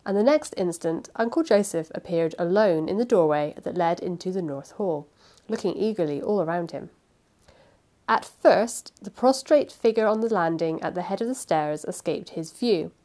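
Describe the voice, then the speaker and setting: Woman reading an old novel aloud. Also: on the low side. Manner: chatty recap, then expressive reading. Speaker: podcast host and reader.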